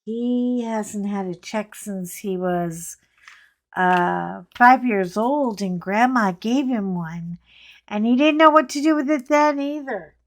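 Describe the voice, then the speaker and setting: Female host, unhurried casual storyteller, chatty and playful. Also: medium pitch. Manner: chatty, rambling, playful asides to viewers.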